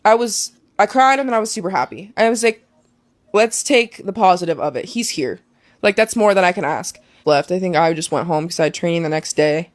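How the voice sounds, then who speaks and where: A woman's voice: fairly low pitch, animated, fairly quick, dry recording. A young woman talking as a guest, telling an emotional personal story casually with many fillers.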